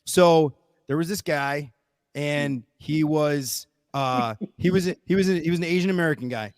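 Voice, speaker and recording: A man on a casual podcast, rambling and animated as a guest storyteller, restarting his sentences and checking in with his listeners as he goes. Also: a little high, moderate pace, no room sound, clean studio sound.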